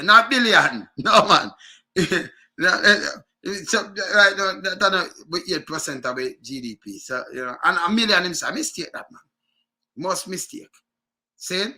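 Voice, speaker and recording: A Jamaican man comments in a casual, argumentative way and keeps circling back to the same point. His voice sits high and sounds strikingly bright and sharp. He laughs now and then while he talks. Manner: argumentative, repeats himself, chuckles often.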